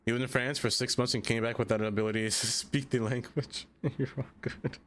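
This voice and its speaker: A man's voice: mid-range voice, a little fast, a bit bright, a little hiss or hum. A young man chatting casually on a live stream as he plays a city-building game. He talks to the things he builds and laughs often. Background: faint music.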